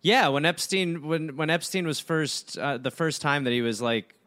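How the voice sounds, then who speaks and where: A man's voice: a little high, normal speed, a bit bright. A man co-hosting a comedy podcast, joking and riffing on his partner's story. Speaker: podcast co-host. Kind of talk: casual comedic banter.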